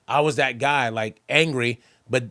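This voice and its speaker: A man guest on a podcast, telling his story with animated energy, acting out both sides of conversations and repeating phrases for emphasis. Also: medium pitch, measured pace, no room sound, clean studio sound. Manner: acts out both sides of conversations in quoted voices. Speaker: podcast guest, percussionist and motivational entertainer.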